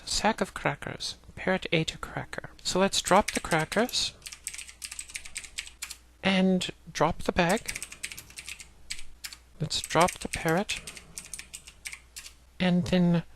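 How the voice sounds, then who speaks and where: Woman calmly reading out game commands. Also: lowish voice, slight background noise. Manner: reads out game commands and text plainly, explaining steps. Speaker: let's play narrator. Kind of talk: let's play walkthrough narration.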